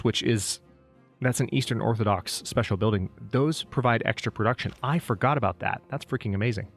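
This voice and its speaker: A lower-pitched man chatting his way through a strategy game, thinking aloud and bantering with the units as he plays. Soft music runs faintly under his voice. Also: a little fast, vocal fry. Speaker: let's play host. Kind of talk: casual gameplay commentary.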